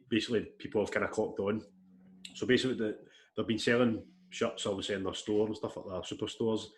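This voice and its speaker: Young Scottish male co-host; rapid, low-pitched, blunt and sweary. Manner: fast, blunt, swears casually. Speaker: podcast co-host. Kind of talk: casual chat.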